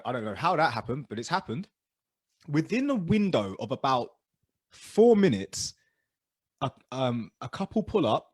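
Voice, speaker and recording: A man telling stories as co-host of a casual podcast chat, animated and dropping low and quiet for asides. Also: dry recording, clean studio sound.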